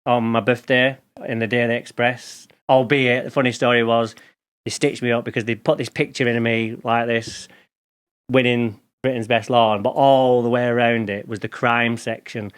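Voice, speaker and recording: A man's voice: medium pitch, flat delivery, normal speed, clear, resonant tone. A middle-aged man from England, a guest chatting casually in an interview, telling stories in informal slang. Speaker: podcast guest, lawn care expert.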